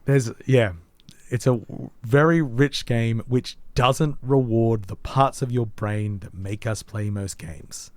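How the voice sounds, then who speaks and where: Brief: husky-voiced host, rambling and thoughtful, dry close mic. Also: male voice, mid-range voice, slow, dry recording. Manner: rambling, thoughtful, many ums. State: hoarse, voice nearly gone. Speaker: podcast co-host. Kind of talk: casual game review chat.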